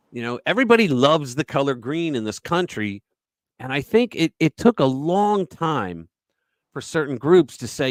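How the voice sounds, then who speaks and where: A man's voice: a little high, no room sound. Emphatic man on a dry mic. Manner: emphatic, conversational, retelling stories with asides. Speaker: host. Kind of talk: political commentary show.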